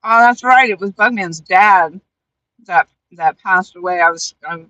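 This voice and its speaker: Bright-voiced woman hosting a fishing live stream. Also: mid-range voice, measured pace, dry recording, muffled recording. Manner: chatty, laughs often, talks to viewers. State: talking with a mouth full of cookies. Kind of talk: casual live-stream chat.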